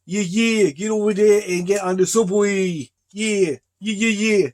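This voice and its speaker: A brash, chatty New York guy, as a man puts him on, drawling in a raised New York accent. The voice sits higher and louder than the speaker's own. He keeps repeating himself in a slow, offhand way. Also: fairly even intonation.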